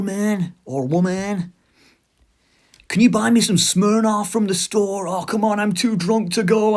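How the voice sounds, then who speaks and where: A man's voice: high-pitched, darkish tone, pitched above the performer's own voice, lightly acted. A man voicing a drunk, slurring younger brother who pleads and wheedles for a bottle of liquor.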